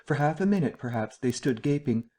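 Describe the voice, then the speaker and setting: Steady male audiobook narrator. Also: mid-range voice, a little fast. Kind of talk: scripted narration.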